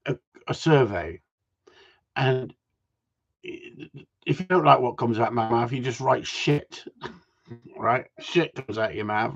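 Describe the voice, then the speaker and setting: A man's voice: medium pitch, a little mellow. Chatty, sweary man. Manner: swears a lot, laughs often, chatty. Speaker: live stream host. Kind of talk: casual chat with viewers. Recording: dull lo-fi sound.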